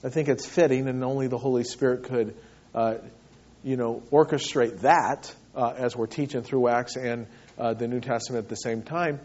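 A man's voice: mid-range voice, fairly even intonation, normal speed, a little mellow, dull audio. A man preaching a sermon as pastor, earnest and emphatic, repeating phrases for weight.

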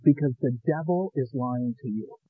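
A man's voice: mid-range voice, moderate pace, husky, dry recording, narrow, tinny audio. A man preaching a sermon with passion, pleading with his listeners through a string of rhetorical questions.

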